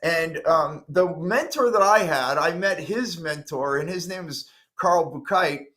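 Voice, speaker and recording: A man's voice: on the high side, unhurried. A middle-aged man, a guest on a talk show, earnestly telling his own story and acting out what he once said to himself. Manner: earnest, animated, acts out his own past words. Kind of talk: interview storytelling.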